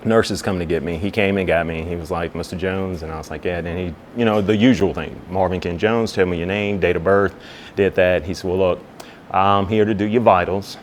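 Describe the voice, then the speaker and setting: A very low-voiced man, a fire captain and business owner, tells a personal story in an interview at a slightly fast clip, with a faint low rumble under the recording. Relaxed and chatty, he acts out both sides of conversations by slipping into other people's voices and sprinkles in plenty of "you know" asides.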